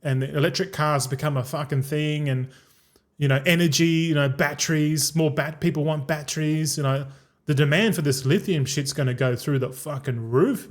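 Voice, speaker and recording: A talkative Australian man in his thirties, chatting casually on a live stream. His voice sits a bit higher than most men's, and he rambles loosely, swears freely and keeps dropping bro. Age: 30s. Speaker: gaming streamer. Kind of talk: casual livestream chat.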